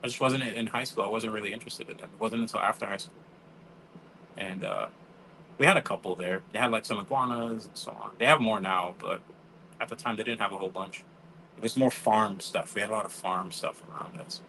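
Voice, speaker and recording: A man's voice: lowish voice, a little fast, gravelly, bright, forceful tone, a little hiss or hum, low-quality recording. A man, telling stories in casual chat, acting out quotes and swearing freely. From New York. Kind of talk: casual storytelling.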